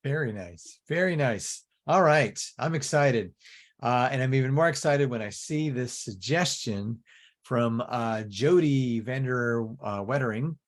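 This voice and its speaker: A man's voice: mid-range voice, lively intonation, a little slow. A man hosting an improv comedy show, introducing the players over a video call in an upbeat, jokey way.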